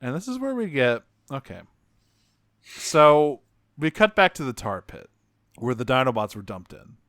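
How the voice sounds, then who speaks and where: A man's voice: medium pitch, moderate pace, dry recording, studio quality. A man co-hosting a podcast, chatting casually and profanely as he recaps cartoon episodes and acts out lines in goofy voices. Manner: animated, profane, acts out quotes in silly voices. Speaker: podcast co-host.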